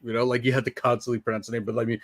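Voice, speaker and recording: An animated man riffing through a movie review chat, jumping around between asides. His voice sits at a middle pitch and is recorded dry and close, with no room sound around it. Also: very fast, dry recording. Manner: animated, jumps into playful mock voices. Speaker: podcast co-host.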